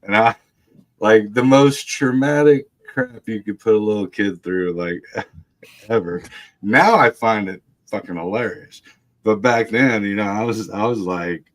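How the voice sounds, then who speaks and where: A man's voice: lowish voice, measured pace. A man telling a wild family story in casual chat, laughing often, swearing freely and mimicking the people he quotes. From Texas. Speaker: guest storyteller.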